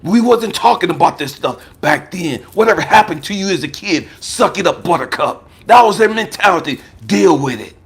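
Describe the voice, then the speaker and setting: Husky, animated American man in his fifties. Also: moderate pace, few pauses. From United States. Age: 50s. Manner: emphatic and profane, swinging from raised outbursts to low murmurs. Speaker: life coach and speaker. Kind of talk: personal testimony talk.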